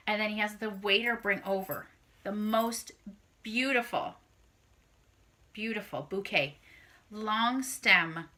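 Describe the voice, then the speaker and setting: Very bright-voiced, foul-mouthed woman. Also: medium pitch. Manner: blunt, heavily profane, acts out her own reactions. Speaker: vlogger. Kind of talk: casual storytelling to camera.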